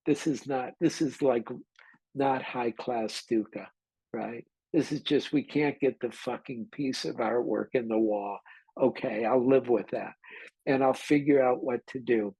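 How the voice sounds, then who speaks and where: A man's voice: mid-range voice, measured pace, warm tone, husky, dry recording, rough recording. A man, a meditation teacher, giving an informal dharma talk and telling a candid, rambling story with mild swearing.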